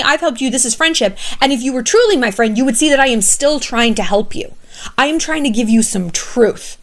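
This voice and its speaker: A woman vlogger giving blunt, emphatic friendship advice to camera in a casual monologue, swearing freely. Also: a little high.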